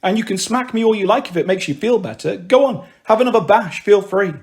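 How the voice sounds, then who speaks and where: A man's voice: high-pitched, fairly quick, darkish tone. A man reading a story aloud, voicing a cheeky older sister who teases and talks back. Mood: teasing. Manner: teasing, brash. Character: cheeky, bold teenage girl. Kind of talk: audiobook reading.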